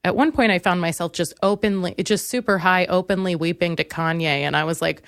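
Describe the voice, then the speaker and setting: A woman's voice: on the low side, a little fast, smooth, dry recording, studio quality. A young woman hosting a podcast, telling a comic personal story in a rambling, candid, profane way with many fillers and restarts. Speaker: podcast host. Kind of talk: comedic storytelling monologue.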